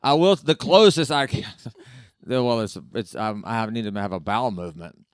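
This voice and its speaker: Rambling deadpan man, smooth voice. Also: medium pitch, normal speed, dry recording, clean studio sound. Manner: rambling deadpan, tall tales told straight. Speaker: guest comedian. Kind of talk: joking podcast chat, absurd put-on bits. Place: podcast studio.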